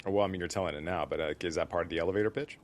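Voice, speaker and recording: A man's voice: deep voice, steady tone, very fast. A man hosting a podcast interview, blunt and joking, swearing casually while asking questions. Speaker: podcast host.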